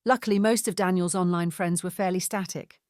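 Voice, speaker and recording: Woman reading Charlotte, brisk and blunt. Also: lowish voice, steady tone, a little mellow, dry recording, clean studio sound, close to an everyday voice. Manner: brisk, matter-of-fact explaining. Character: blunt wealthy divorced tech-savvy woman.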